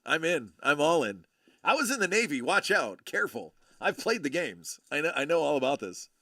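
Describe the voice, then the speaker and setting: A man hosting a casual livestream, joking and teasing his viewers with quick asides. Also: fairly high pitch, sing-song, bright, forceful tone, no room sound, clean studio sound. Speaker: livestream host, collector.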